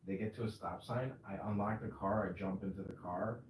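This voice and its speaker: A man with a low, slightly deep voice talks in loose, profane banter and long rambling stories. He records in a roomy space, a little off the mic. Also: steady tone, fairly quick, distant mic, background noise. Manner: profane, mocking, rambling anecdotes. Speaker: podcast host. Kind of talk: casual crude banter and storytelling.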